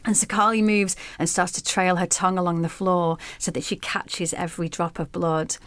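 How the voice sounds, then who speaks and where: Expressive woman telling a myth. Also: on the low side, normal speed, dry recording. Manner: vivid, expressive storyteller. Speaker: guest. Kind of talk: storytelling in an interview.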